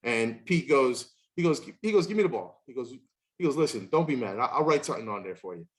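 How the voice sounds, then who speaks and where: Male host, fifties, chatty storyteller who jumps into high excited voices when quoting people; mid-pitched. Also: quick pace. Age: 50s. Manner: animated, acts out quoted voices with big pitch jumps. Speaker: podcast host. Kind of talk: casual storytelling chat.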